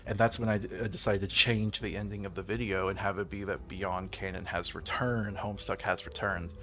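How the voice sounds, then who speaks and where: A man's voice: on the low side, steady tone, moderate pace, a bit bright. A young man chatting casually on his own livestream. He rambles, chuckles often, leans on fillers and makes self-deprecating asides. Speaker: streamer hosting his own channel.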